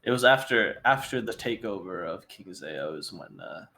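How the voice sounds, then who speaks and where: A man's voice: low-pitched, expressive, normal speed, sharp tone. A man co-hosting a casual podcast, rambling and laid-back, swearing freely among friends. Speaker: podcast co-host.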